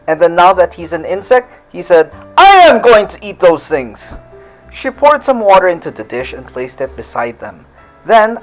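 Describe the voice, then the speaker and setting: A storyteller reading a classic tale aloud, stopping often to restate harder words in simpler English and acting out the quoted lines playfully. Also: medium pitch. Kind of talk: read-aloud storytelling with word explanations.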